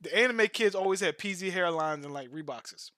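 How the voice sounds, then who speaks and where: Bright-voiced man telling stories slangily. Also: high voice, fairly quick, no room sound, clean studio sound. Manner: loose slangy storytelling, repeats words. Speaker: streamer. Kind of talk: casual chat.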